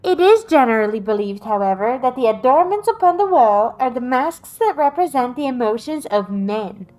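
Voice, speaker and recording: Prim high-voiced museum guide. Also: female voice, big pitch swings, a little mellow, rough recording. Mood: formal. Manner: formal, measured and courteous. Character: polished female museum guide hosting a quiz. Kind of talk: video game voice acting.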